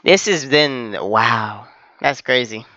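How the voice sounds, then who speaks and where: Excitable man reacting to anime. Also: medium pitch, slow, dull audio, slight background noise. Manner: excitable, talks back to the screen. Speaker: anime reaction channel host. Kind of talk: live reaction commentary.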